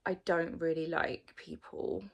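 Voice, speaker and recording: A chatty woman in her thirties with a gravelly, fry-tinged voice answers her followers' questions. She fills her talk with "like" and now and then slips into a soft whisper. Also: low-pitched, very animated, a little slow. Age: 30s. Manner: chatty, frequent "like" fillers, drops to whispers. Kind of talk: casual chat.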